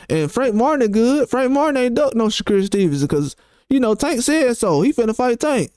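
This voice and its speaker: High-voiced man ranting about boxing. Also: normal speed, no room sound, studio quality. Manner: animated, mocking, quotes critics sarcastically. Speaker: boxing channel host. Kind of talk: opinionated commentary rant.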